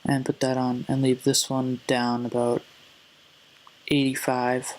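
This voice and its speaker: A man giving a casual music production tutorial, relaxed and hesitant, often correcting himself as he goes. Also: mid-range voice, slow, slight background noise, rough recording. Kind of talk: casual screen-recorded tutorial. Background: faint synth sounds.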